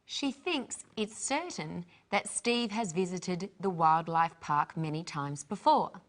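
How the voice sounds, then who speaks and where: A woman co-hosting a scripted English lesson, modelling each phrase clearly for learners to repeat. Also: lowish voice, expressive, takes it slowly. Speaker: English teacher, co-host.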